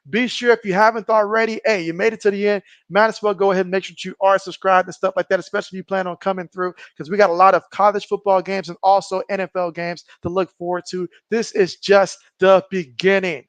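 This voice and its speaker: A man's voice: high-pitched, no room sound. A man hosting a live sports stream, calling the game and reading viewer comments aloud in casual chat. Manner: reads viewer comments aloud, excitable on big plays. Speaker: live stream host doing play-by-play.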